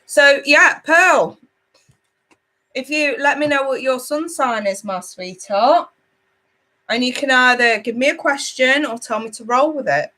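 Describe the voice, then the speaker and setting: A woman's voice: high-pitched, animated, a little slow, sharp tone. A woman hosting a live tarot stream, chatting casually and affectionately with viewers as she reads out their comments. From United Kingdom. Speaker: tarot reader hosting a livestream. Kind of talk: casual livestream chat.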